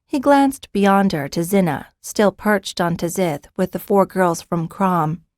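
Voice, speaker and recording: A woman reads a fantasy audiobook from a script, her storytelling measured and even. Her voice sits on the low side, and the clean studio recording has no echo.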